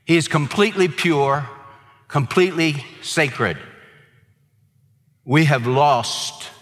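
A man's voice: mid-range voice, fairly bright tone, in a large hall. A male pastor preaching a sermon, stressing points through emphatic repetition.

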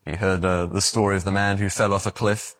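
A man preaching a sermon, telling stories in an animated way, often stumbling and restarting his words. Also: low voice, a little fast. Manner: animated storytelling with stammered restarts.

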